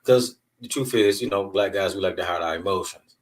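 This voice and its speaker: A man's voice: sits low, brisk, far from the mic. A man hosting his own podcast, talking candidly and emphatically as he tells stories. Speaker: podcast host. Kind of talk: casual monologue podcast.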